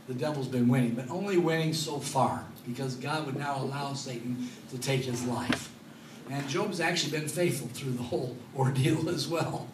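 A man preaching a Bible study sermon to a congregation, talking in a lively, joking way. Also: mid-range voice, slight background noise. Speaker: pastor. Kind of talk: expository Bible teaching. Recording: echoey room, mic at a distance.

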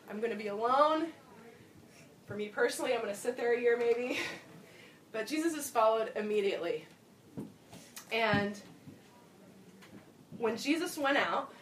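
A woman preaching a sermon in a reflective, personal way, with soft laughs along the way. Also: medium pitch, a little hiss or hum. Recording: roomy sound from a distant mic, faint ambience.

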